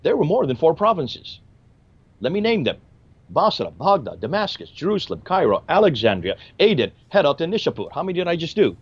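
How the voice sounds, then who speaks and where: A man's voice: fairly high pitch, very animated, fairly quick, breathy edge, no room sound, lo-fi sound. A man giving emphatic, lecture-style commentary and asking rhetorical questions.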